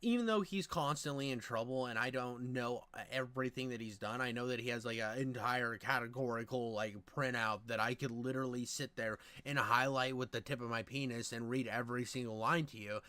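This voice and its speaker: A man's voice: medium pitch, fairly quick, hardly any pauses, bright, forceful tone, clean tone, no room sound. A man doing casual reaction commentary, rambling, crude and exasperated. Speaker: reaction streamer.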